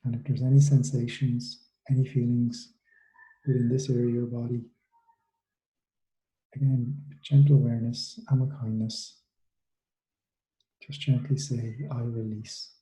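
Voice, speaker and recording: A man leading students through a guided relaxation meditation, giving soft, unhurried instructions with long pauses. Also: medium pitch, little pitch movement. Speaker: mindfulness coach for students. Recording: echoey room.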